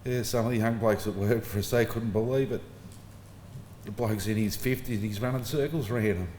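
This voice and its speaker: A middle-aged Australian man gives an informal eulogy for his father in a funeral service hall, telling casual stories and chuckling between anecdotes. His voice sits on the low side, brisk and a little mellow. The echoey hall carries faint ambience and slight background noise.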